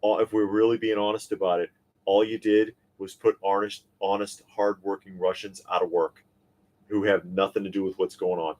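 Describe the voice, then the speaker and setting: A man's voice: low voice, little pitch movement, normal speed, a little mellow. A man co-hosting a live toy and pop culture stream, chatting casually, reading viewer comments and ranting with plenty of fillers and restarts. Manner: opinionated, rambling with fillers and restarts. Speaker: co-host of a live toy talk show.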